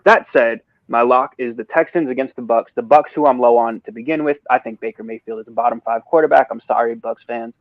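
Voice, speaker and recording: A man's voice: medium pitch, a little fast, few pauses, dry recording, phone-quality sound. A man giving sports betting picks on a podcast, ranting and swearing, then apologizing for it. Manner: ranting, profane, apologetic asides. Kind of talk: casual sports betting talk. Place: a different place than usual.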